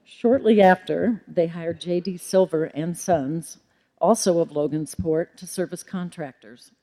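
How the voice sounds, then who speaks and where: A middle-aged woman, a librarian, giving a formal public lecture in a measured way with occasional ums and self-corrections. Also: fairly low pitch, mellow.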